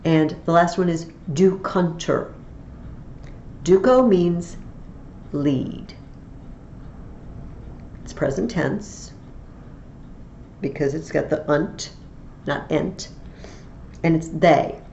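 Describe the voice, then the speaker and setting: A woman's voice: sits low, takes it slowly, pauses often, warm tone, echoey room, dull audio, slight background noise. A woman teaching a Latin lesson in a recorded tutorial, explaining each form patiently, step by step.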